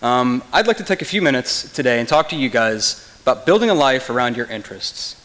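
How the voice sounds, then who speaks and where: A young man from Kentucky giving a keynote, talking in a loose, chatty way full of ums and likes. His voice sits at an ordinary middle pitch. Long reverb from a large hall trails behind his words. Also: sing-song, brisk, a bit bright. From Kentucky, USA. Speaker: keynote speaker. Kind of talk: casual speech to an audience.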